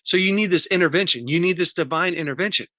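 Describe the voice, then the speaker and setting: Earnest man with a bright voice. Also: high voice, fast, no room sound. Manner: earnest, teaching in numbered steps; candid and emotional about personal pain. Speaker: podcast guest, recovery coach. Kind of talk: podcast interview.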